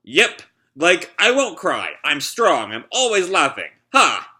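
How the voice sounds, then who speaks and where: A man voicing a kind, cheerful adoptive father who gently teases his son, in a lightly raised, warm reading. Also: a little high, huge pitch swings, slow, voice pushed up, full character voice. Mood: fond.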